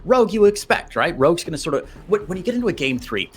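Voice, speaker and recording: A man doing live esports commentary with excitable, jokey banter. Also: high voice, fast talker.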